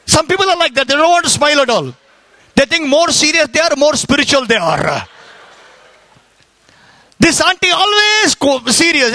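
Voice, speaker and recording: Indian male preacher, lively storyteller, very high and tense voice, shouts for emphasis. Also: no room sound. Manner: storytelling, quoting others in acted voices, bursts of shouting. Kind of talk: sermon with humorous stories.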